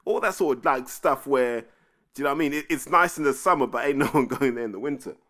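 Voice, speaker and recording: A man's voice: mid-range voice, fast talker. A man hosting a podcast, telling stories in a blunt, casual way with swearing. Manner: blunt, animated storytelling with swearing. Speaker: podcast host.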